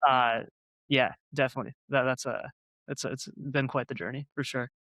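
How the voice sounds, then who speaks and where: A mid-pitched man from North Dakota talks loosely as a podcast guest, with his sentences winding along. The recording is close and dry. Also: steady tone, normal speed, a bit bright, no room sound. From North Dakota, USA. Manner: rambling, many fillers and restarts. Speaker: guest, co-founder and software engineer. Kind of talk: casual podcast conversation.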